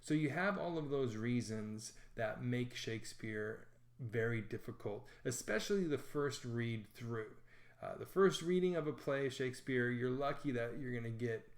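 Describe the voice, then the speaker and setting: A man talks through a literature lesson in a relaxed, conversational way, filling his sentences with small fillers and poking fun at himself. His mid-pitched voice bounces around a noticeably echoey room. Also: normal speed. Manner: conversational, self-deprecating, with frequent fillers. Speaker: teacher explaining literature. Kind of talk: casual educational explainer.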